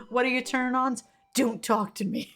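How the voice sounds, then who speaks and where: Woman streamer, casual game commentary, laughs often, reads chat, fairly high voice, faint music behind. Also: a bit bright.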